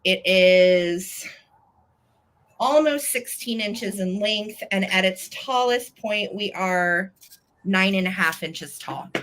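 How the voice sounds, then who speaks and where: Bright, gushing American woman seller. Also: medium pitch, slow, slight background noise. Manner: bubbly, gushing, counts down bids. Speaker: live-sale host. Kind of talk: live online auction selling.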